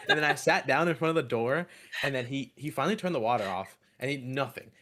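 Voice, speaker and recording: A man co-hosting a stream, telling a story in a relaxed, slangy way. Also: medium pitch, fast talker. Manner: laid-back, slangy, laughs while telling stories. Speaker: stream co-host. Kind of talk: casual storytelling.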